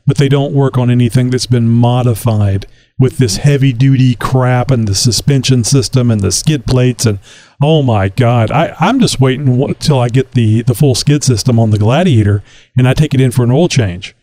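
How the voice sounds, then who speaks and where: A man's voice: mid-range voice, normal speed, warm tone, dry recording. A man co-hosting a podcast, chatting casually with rambling asides. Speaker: podcast co-host. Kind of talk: casual chat.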